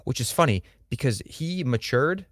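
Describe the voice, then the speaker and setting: A man's voice: medium pitch, expressive, moderate pace, no echo, clean studio sound. A man co-hosting a casual show review livestream, blunt and crude with joking asides. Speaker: podcast co-host.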